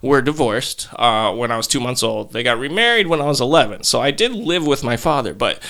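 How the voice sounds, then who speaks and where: Male, 30s, profane animated storyteller, bright and crisp. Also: mid-range voice, a little fast. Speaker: podcast guest. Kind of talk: casual storytelling.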